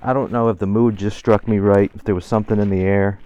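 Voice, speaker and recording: A man's voice: fairly low pitch, steady tone, quick pace, mellow, smooth, lo-fi sound. A man in his forties telling a story straight to the camera in a loose, ranting way. He laughs through it and swears casually. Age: 40s. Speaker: vlogger.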